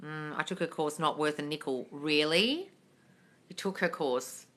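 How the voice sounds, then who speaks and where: Speaking a little slowly, a woman with a low pitch and a slightly bright tone hosts a live stream. She reads viewer comments aloud in casual chat and answers bluntly, swearing freely and calling everyone darling.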